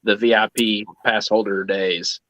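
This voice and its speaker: A man's voice: lowish voice, flat delivery, measured pace, a bit bright, no room sound, low-quality recording. A man co-hosting a casual live stream, chiming in with brief supportive remarks. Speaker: show co-host.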